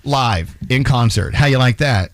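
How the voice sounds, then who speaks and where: A man's voice: medium pitch, animated, unhurried, noisy background. A man hosting a morning radio show, upbeat and congratulatory as he banters with the studio crew.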